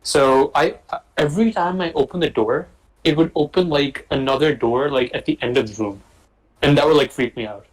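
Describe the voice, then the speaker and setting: A young man telling a story in casual chat over a remote call, rambling and filling every pause with "like". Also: a little high, rough recording. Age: young adult. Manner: rambling, full of "like" fillers.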